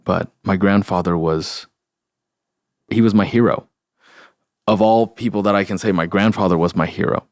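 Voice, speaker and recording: A young adult man hosting a podcast, talking in an earnest, heartfelt and halting way. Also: low-pitched, steady tone, no echo, studio quality. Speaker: podcast host. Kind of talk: solo reflective podcast talk.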